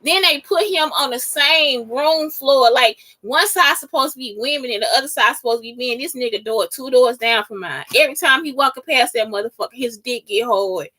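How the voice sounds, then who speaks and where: High, bright-voiced woman ranting. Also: brisk, few pauses. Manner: heated, profane, keeps asking listeners if they understand. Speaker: podcast host. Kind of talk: casual solo monologue.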